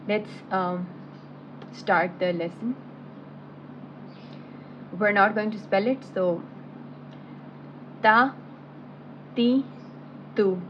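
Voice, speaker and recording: A woman teacher talks through a lesson at an unhurried, deliberate pace, explaining sounds and then sounding each syllable out aloud. Her voice sits at an ordinary pitch. The audio is muffled and lo-fi, with a faint hiss underneath. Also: fairly even intonation. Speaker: Quran recitation teacher. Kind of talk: slow step-by-step lesson with recited syllables.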